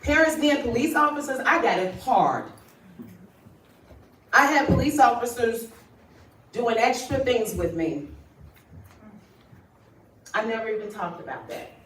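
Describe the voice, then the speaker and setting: A woman's voice: on the high side, animated, unhurried, pauses often, fairly bright tone. A woman giving an impassioned speech to a crowd at a rally, speaking emphatically and calling on listeners directly. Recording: distant, roomy livestream audio with faint noise.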